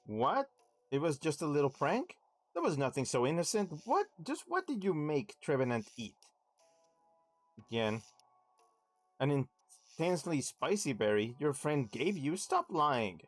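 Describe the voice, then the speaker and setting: A man's voice: fairly high pitch, very animated, a little slow, pauses often, no room sound, faint music behind. A streamer reading Detective Pikachu's lines aloud as a pushy little mouse detective grilling a suspect, in his own voice. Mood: interrogating. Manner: reads game text aloud in his own voice. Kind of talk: reading game dialogue aloud.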